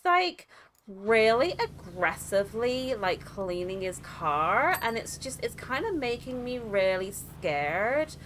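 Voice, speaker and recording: A woman voicing a whiny, airheaded woman who phones the police to complain, in a slow drawl. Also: on the high side, a bit bright, slight background noise, full character voice.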